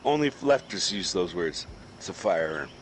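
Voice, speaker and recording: A heated, foul-mouthed man from the East Coast rants through a casual gaming chat. His pitch swings up and down, rising high when he gets worked up. Faint crickets and insects chirp in the background. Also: animated, normal speed, a little hiss or hum, rough recording. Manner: profane, ranting, heated.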